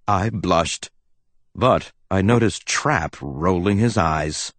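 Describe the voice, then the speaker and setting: A man narrating a children's storybook aloud with an animated, expressive delivery. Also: low voice, takes it slowly, dry recording. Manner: animated, wide-ranging delivery. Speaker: audiobook narrator.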